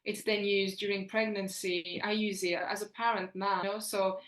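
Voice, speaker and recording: A woman's voice: medium pitch, flat delivery, normal speed, a bit bright. A woman in her forties, a fertility coach speaking as a podcast guest, earnest and encouraging, often restarting her sentences. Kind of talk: earnest podcast interview talk. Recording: roomy echo.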